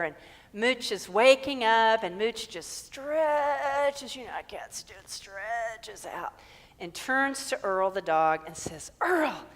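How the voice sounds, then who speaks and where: A woman's voice: mid-range voice, fairly bright tone. A woman minister giving a conversational sermon, joking and asking many rhetorical questions. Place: church sanctuary. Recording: long reverb in a hall.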